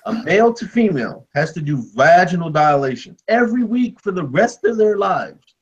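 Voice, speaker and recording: A man voicing a loud conservative male veteran uncle who rants and heckles, his pitch jumping high when outraged. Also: very animated, moderate pace, breathy edge, full character voice. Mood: ranting. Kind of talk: comedic podcast role-play. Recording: dull lo-fi audio.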